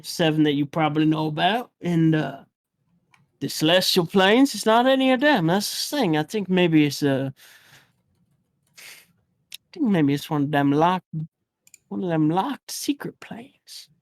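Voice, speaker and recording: A woman's voice: deep voice, animated, a little slow, pauses often, no echo, studio quality, voice pushed down. A woman voicing a rambling old man with a mumbly, jaw-pushed-out voice and a folksy, hesitant way of talking. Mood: musing. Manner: folksy, hesitant, full of uhs and trailing thoughts. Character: rambling old man who sends adventurers off.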